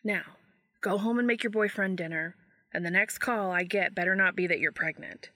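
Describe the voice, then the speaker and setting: A woman's voice: medium pitch, moderate pace, bright, forceful tone, no echo, clean studio sound, close to an everyday voice. Woman reading a teasing younger brother. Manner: teasing, exasperated. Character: laid-back younger brother, teasing man. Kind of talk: fan audiobook reading.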